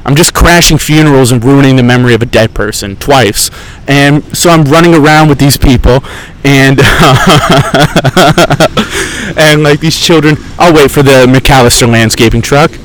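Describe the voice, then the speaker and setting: A man's voice: mid-range voice, measured pace, fairly bright tone, low-quality recording. Profane, rambling young man. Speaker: podcast host. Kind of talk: casual storytelling chat. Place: outdoors in a park.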